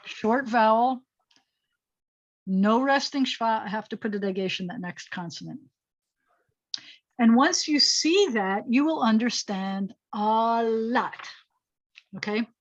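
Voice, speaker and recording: A woman's voice: fairly high pitch, lively intonation, unhurried, pauses often. A woman rabbi teaching a Hebrew lesson over a video call, thinking aloud as she writes and correcting herself with chatty asides. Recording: slightly dull video call audio.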